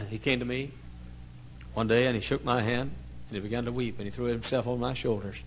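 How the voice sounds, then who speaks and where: A male pastor telling a story in a sermon, swinging from hushed to loud. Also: medium pitch, fairly even intonation, a little fast, a little hiss or hum, poor audio.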